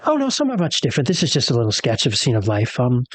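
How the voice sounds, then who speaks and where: A man's voice: mid-range voice, fast, dry recording, lightly acted. A man voicing a modest young woman artist in a tabletop game, bubbly and self-deprecating.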